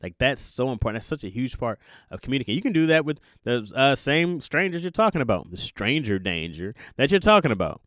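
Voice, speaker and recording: Animated man telling stories, dry sound. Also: mid-range voice, quick pace, hardly any pauses, no room sound. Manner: animated storytelling with voiced asides and laughs. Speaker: podcast host. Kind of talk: casual monologue.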